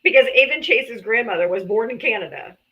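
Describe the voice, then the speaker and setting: A woman, a mother, hosting a live political talk stream in casual, animated chat, swearing freely. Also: fairly high pitch, fairly quick, muffled recording. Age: adult mother. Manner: animated, swears freely, slips into comic voices.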